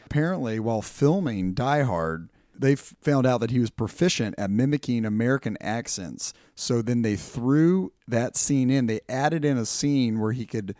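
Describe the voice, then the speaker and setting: A man's voice: medium pitch, animated, normal speed, few pauses, dark tone, no room sound, clean studio sound. A man co-hosting a casual podcast, chatty, with jokey asides. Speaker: podcast co-host. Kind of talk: casual chat.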